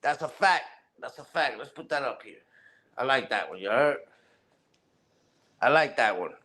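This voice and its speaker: A man's voice: mid-range voice, expressive, moderate pace, pushed and bright. A young man ranting on a casual livestream, trash-talking other streamers in a profane, repetitive way, often tagging lines with "you heard?" and "respectfully". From Puerto Rican family on mother's side. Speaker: live streamer.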